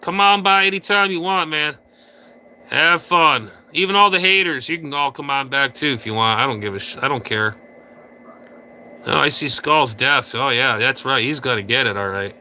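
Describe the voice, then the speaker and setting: A man's voice: medium pitch, moderate pace, bright, forceful tone, a little hiss or hum. Crude ranting male livestream host. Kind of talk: casual livestream chat with viewers.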